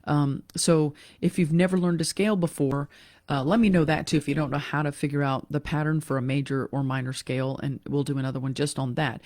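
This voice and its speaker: Woman piano teacher, casual online lesson, relaxed and chatty, close dry computer mic. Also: low voice, dry recording. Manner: relaxed, chatty, with fillers and self-corrections. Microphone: computer mic during a screen share.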